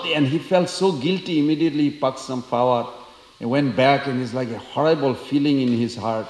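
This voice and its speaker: A man giving a storytelling lecture at a temple, acting out the voices of the characters with lively energy. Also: fairly high pitch, fairly quick. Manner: animated, acts out quoted characters. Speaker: temple speaker. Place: temple hall. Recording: echoey temple hall.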